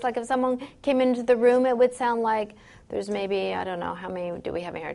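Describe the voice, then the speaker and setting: Leading a group in memorizing Bible verses, a woman with a fairly high, level voice, dark in tone and marked by vocal fry, instructs in a chatty, encouraging manner full of "like" and "you know." She reads scripture passages slowly.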